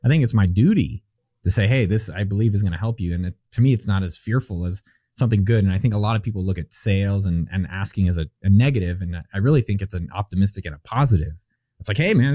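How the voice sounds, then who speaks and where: Guy on a podcast interview, low mellow voice, dry sound, tells stories with lots of emphasis. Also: expressive, quick pace, no echo. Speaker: guest entrepreneur. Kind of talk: conversational interview.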